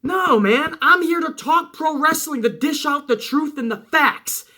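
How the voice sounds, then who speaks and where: A man who talks loud, close to yelling, in a bright, forceful voice. His pitch swings up and down as he rants, and he swears often. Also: animated, unhurried. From Italian-American household. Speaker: wrestling channel host. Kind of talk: casual rant to viewers.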